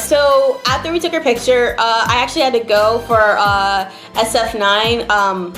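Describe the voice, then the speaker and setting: A woman's voice: a little high, steady tone, normal speed, hardly any pauses, a bit bright. A young woman vlogger telling a personal story to camera in a casual, chatty way, full of fillers and close to tears. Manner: chatty, emotional, many fillers, near tears. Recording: echoey room, faint background music.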